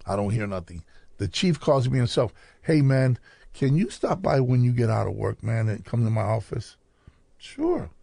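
A man's voice: medium pitch, normal speed, creaky, warm tone, dry recording. A man from Chicago, a podcast guest telling his life story in casual talk, acting out quoted dialogue as he goes.

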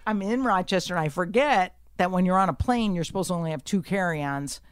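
A woman telling a story in casual chat, brash and profane, swinging from hushed asides to shouting. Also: fairly low pitch, fairly quick, clean tone, no room sound, studio quality.

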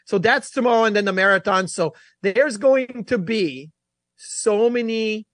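A man's voice: sits high, measured pace, a bit bright, no echo, clean studio sound. A man hosting a sports talk show, talking casually and with energy about past games. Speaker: sports radio host.

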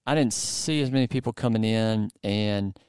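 A man hosting a podcast in a casual chat, with a low, smooth, resonant voice. He rambles through plenty of fillers and restarts, and the sound is dry and close with no room echo. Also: moderate pace, a little mellow. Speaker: podcast host.

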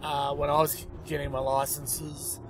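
A man's voice: fairly high pitch, monotone, a little slow, background noise. An Australian man in his fifties, a comedian and podcast co-host, telling rambling stories in casual chat with lots of fillers.

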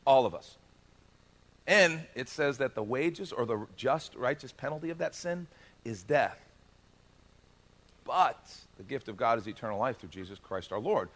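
A middle-aged male pastor preaching a sermon, swinging between emphatic loud lines and soft low asides. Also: expressive, moderate pace, long pauses.

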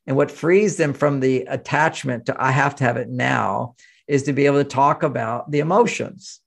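Man from the US, gravelly tone, middle pitch, animated interview talk. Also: moderate pace. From United States. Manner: animated, acts out quoted voices, chuckles. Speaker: relationship author and interview guest. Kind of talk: conversational interview explanation.

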